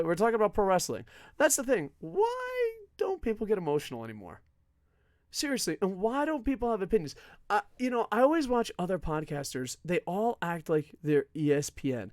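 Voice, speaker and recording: A man hosting a live wrestling podcast alone, ranting loudly and swearing often as he reads viewer comments. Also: on the high side, smooth, no echo, clean studio sound. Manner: loud, profane, often yelling.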